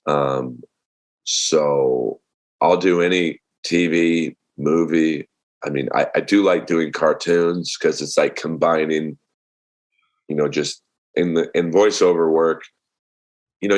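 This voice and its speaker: A man with a deep voice, a stand-up comedian telling stories as a guest in a casual interview. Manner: relaxed storytelling with many fillers.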